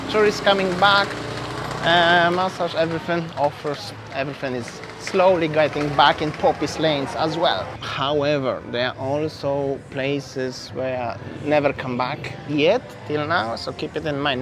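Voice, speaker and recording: Chatty travel vlogger man on a busy street. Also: on the high side. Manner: chatty, greets passers-by loudly. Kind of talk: walking tour commentary. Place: busy narrow street outdoors. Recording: street traffic noise behind.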